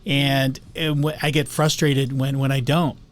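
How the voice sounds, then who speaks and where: A man's voice: mid-range voice, little pitch movement, a little slow. A man co-hosting a casual talk on emotions, reflective and sharing personal stories. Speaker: co-host.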